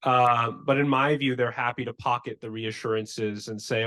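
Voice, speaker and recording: A man speaking as a panelist in a policy discussion, measured and analytical. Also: mid-range voice, steady tone, sharp tone. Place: conference room.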